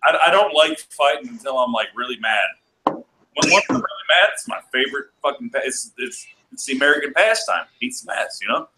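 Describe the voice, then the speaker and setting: A man from Texas telling rowdy bar-fight stories in casual chat, profane and laughing, acting out quotes in shouts. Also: medium pitch, big pitch swings, a little fast, noisy background.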